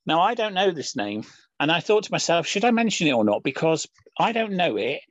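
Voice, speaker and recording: A man's voice: a little high, very animated, a little fast, no echo. A man hosting a casual podcast chat, laughing so hard he can barely go on. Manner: giggly, laughing to tears. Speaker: podcast host.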